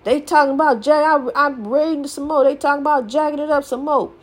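An older woman hosts a podcast, delivering a folksy, preachy motivational talk and repeating phrases for emphasis. Her voice is high-pitched with a steady tone and a slightly fast pace.

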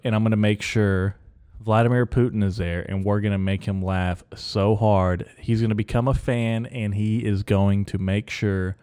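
A man hosting his own podcast, talking alone in a casual, rambling way and telling absurd jokes with a deadpan delivery. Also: lowish voice, normal speed, clean tone. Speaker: podcast host. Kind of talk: solo comedic podcast monologue.

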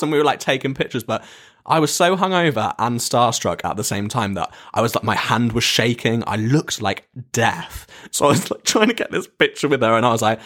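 A young English man in his twenties telling a casual story to camera, animated, laughing often and swearing freely. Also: mid-range voice, brisk. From England. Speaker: vlogger.

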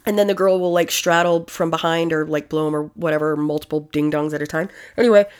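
A young adult woman with a lowish voice chats casually and crudely. She tells her stories bluntly, swears freely and laughs along. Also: steady tone, quick pace, clean tone. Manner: blunt, profane storytelling with frequent laughs.

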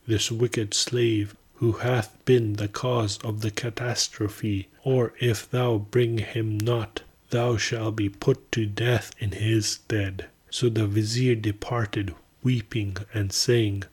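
A man narrating an old tale slowly and evenly in solemn, archaic language. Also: lowish voice, husky. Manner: slow, even reading with solemn archaic diction. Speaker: podcast narrator. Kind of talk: scripted storytelling narration.

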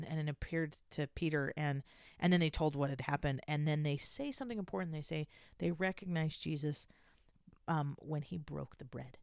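Low gravelly woman teaching scripture. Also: dry recording, studio quality. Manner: conversational, halting with restarts. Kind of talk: casual scripture lesson.

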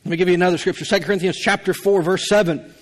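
A middle-aged pastor with a drawl delivers a sermon in a high, easy voice. He talks to the congregation like friends, folksy and conversational, with frequent laughs. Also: fairly even intonation, racing.

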